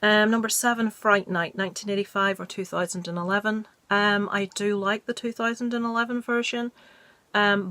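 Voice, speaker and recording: A woman's voice: mid-range voice, fairly bright tone, no echo. A woman vlogger chatting casually about horror films, giving blunt, jokey opinions. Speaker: movie review vlogger. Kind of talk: casual chat.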